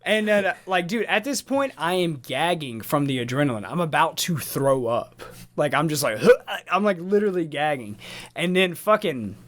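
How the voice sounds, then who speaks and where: Podcast host, male, slightly high voice, loud and swearing, jumps into yelling mid-story. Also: moderate pace. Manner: animated, swears a lot, acts out his own screams. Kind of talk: profane casual storytelling.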